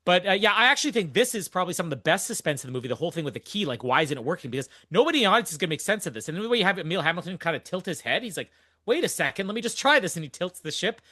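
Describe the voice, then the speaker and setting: A man's voice: sits high, big pitch swings, very fast, hardly any pauses, bright, forceful tone, no echo, clean studio sound. A young man hosting a podcast, chatting casually and enthusiastically through a movie recap, rambling and laughing often. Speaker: podcast host.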